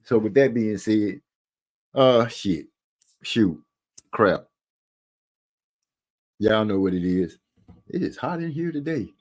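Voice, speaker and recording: A man's voice: fairly low pitch, animated, slow pace, long pauses. A man hosting a casual boxing live stream from a room at home, talking in a rambling way with lots of fillers and restarts.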